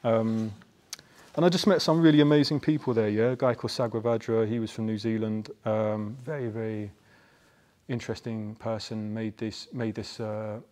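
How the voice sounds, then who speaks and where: A man's voice: lowish voice, darkish tone. Rambling man in his forties. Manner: chatty, rambling, frequent "like" and questioning "yeah?". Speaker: Buddhist practitioner. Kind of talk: casual personal storytelling.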